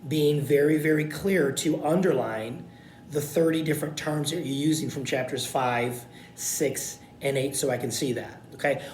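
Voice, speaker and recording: Male college instructor, casual repetitive lecture, echoey room, faint low rumble. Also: a little mellow. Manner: repetitive, informal, frequent "okay?" check-ins. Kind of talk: recorded video lecture to students.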